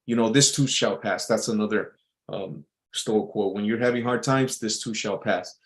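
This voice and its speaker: A man's voice: lowish voice, fairly even intonation, normal speed, rough recording. A man talking casually in a loose, repetitive monologue, reading out quotes and musing on them with many restarts and fillers. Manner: reads out quotes and muses on them.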